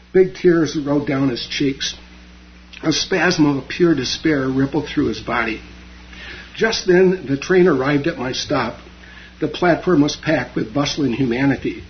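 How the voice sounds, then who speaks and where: A man's voice: fairly high pitch, slight background noise. Give me a man giving a meandering dharma talk on a dull, lo-fi recording. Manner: halting, many fillers. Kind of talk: dharma talk with story reading.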